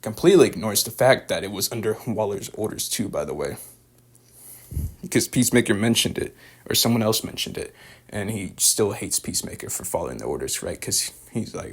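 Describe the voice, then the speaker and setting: Young man, casual review recap, rambling, slangy, lowish voice. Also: sing-song, fairly quick, slightly rough. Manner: rambling, filler-heavy, slangy.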